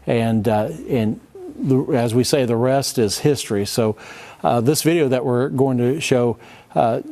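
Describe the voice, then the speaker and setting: Give me a man explaining haltingly on a talk show, warm and dark. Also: mid-range voice. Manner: halting, many fillers. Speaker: co-host. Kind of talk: casual chat.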